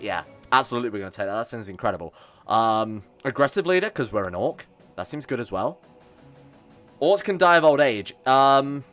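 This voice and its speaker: A man's voice: mid-range voice, fairly bright tone. A young man, chatting casually and joking with his chat while he sets up a strategy game on stream. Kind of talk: live game commentary. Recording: faint music behind.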